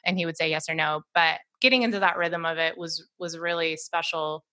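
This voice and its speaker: Bright, enthusiastic woman guest. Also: low voice, steady tone, brisk. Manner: enthusiastic and earnest. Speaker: podcast guest, author and speaker. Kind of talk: faith podcast conversation.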